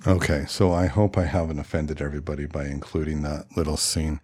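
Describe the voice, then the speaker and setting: A man's voice: rumbling low, flat delivery, a little fast, few pauses, darkish tone, no room sound, clean studio sound. A man talking in a reflective, thoughtful monologue, hedging and musing aloud as he explains ideas. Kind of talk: reflective monologue on religious history.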